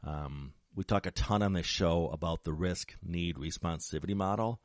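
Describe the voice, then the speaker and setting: Deep-voiced man lecturing in a dry room. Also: no room sound. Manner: measured, lecturing, many ums and restarts. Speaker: podcast host, criminologist. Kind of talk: explanatory talk.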